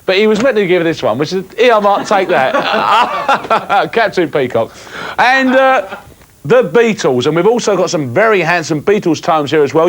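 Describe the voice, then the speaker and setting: A man's voice: high voice, a little hiss or hum. A man presenting a live cable TV phone-in, full of jokey banter and mock bluster.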